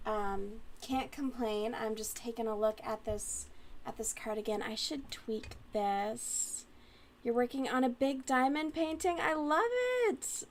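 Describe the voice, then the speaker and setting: A woman hosting a crochet livestream, chatting casually and rambling as she reads comments aloud, often giggling. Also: on the high side.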